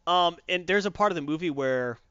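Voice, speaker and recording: Podcast host, male, animated movie recap; smooth voice, lo-fi dry recording. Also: fairly high pitch, a little fast, no room sound. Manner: animated, acts out scenes in funny voices. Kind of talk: casual movie review chat. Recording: dull lo-fi dry sound.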